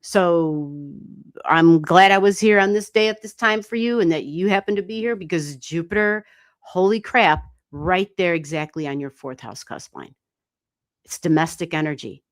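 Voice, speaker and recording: A woman giving casual, animated astrology readings on a livestream, chatting and swearing lightly as she goes. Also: low-pitched, dry recording, clean studio sound. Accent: US Midwestern. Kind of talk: casual live-stream reading.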